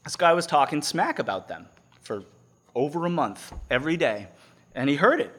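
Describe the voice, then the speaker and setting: A bright, ringing male voice preaches to a room full of listeners. He moves between reading old scripture and quick, casual paraphrase, and he often pauses so the audience can call out the missing word. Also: a little high, breathy edge. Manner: animated, conversational, asks the audience to fill in words. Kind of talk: sermon reading and explaining scripture.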